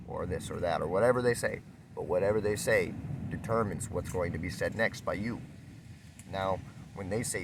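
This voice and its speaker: A man's voice: lowish voice, background noise. A man giving a casual spiritual talk, rambling and repetitive, acting out quoted exchanges. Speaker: spiritual speaker.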